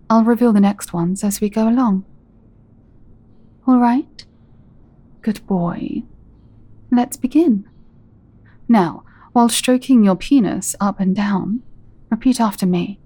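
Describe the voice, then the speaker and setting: A woman performing a scripted dominant audio role-play, speaking in a teasing, commanding way and often dropping into soft whispers. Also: medium pitch, no echo. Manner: teasing, commanding, slow and deliberate; soft-spoken, drops into breathy whispers.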